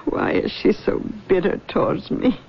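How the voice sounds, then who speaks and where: Fussy middle-aged mom, sweet-talking and defensive, old lo-fi radio play. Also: female voice, fairly low pitch, wildly swooping pitch, normal speed, creaky, full character voice. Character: doting, occult-minded middle-aged mother. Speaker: mother. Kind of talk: 1970s radio drama acting. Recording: dull lo-fi old radio recording with faint hiss.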